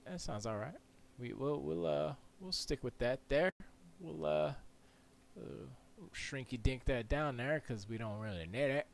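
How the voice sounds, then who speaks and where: Man, mid-pitched, unhurried, rambling stream host in a music studio who mumbles half-whispered asides and goofy rhymes. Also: creaky. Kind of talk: casual live-stream chatter.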